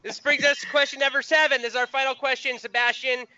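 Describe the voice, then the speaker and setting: A man's voice: very high-pitched, level tone, muffled recording, a loud crowd. A man hosting a podcast, chatting casually and explaining a quiz game in an upbeat way. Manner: quick, upbeat, explains rules. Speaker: podcast host.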